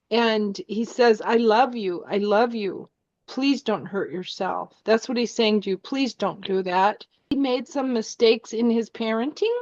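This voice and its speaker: Gentle woman medium, lo-fi sound. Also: a little high, no room sound. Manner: gentle, repetitive, hesitant restarts. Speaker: psychic medium. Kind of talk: spiritual reading session. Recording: dull lo-fi sound.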